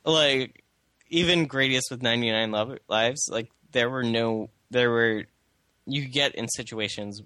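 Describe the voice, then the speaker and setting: In a dry recording, a young man co-hosting a laid-back video game podcast speaks unhurriedly in a mid-range, sharp-toned voice. His talk rambles, peppered with fillers and restarts.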